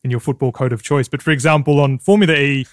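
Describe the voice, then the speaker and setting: A man's voice: mid-range voice, fairly even intonation, fast talker, dry recording, studio quality. A man hosting a podcast, asking long, winding questions in a casual interview. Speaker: podcast host.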